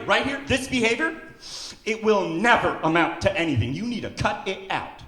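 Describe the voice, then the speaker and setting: A man performing a stand-up comedy set on a club stage who breaks into loud, shouted character voices. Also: fairly high pitch, sing-song, brisk, background noise. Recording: echoey club with loud crowd. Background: audience laughter.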